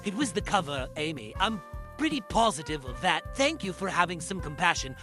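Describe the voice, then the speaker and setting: Over music, a man with a high voice and big pitch swings talks briskly, playing a vain, pompous bestselling novelist in a comedic mock interview. He's boastful, self-important and quick to take indignant offense.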